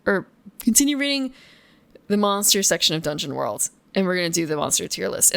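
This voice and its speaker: A woman with a mid-range voice and vocal fry streams games from home, chatting with viewers between gameplay. She muses and laughs often, and the audio has no echo.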